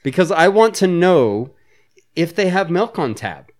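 A mid-pitched podcast co-host talks through a movie in a loose, joking way, laughing along with the other host. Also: very animated, measured pace. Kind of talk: casual movie commentary chat.

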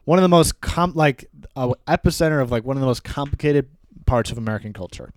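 A man co-hosts a relaxed book chat, his voice sitting in a middle register. He laughs easily and slips into passages read aloud with little voices. The sound is close and dry. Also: mid-range voice, fast talker, no room sound. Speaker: podcast co-host. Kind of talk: casual book discussion.

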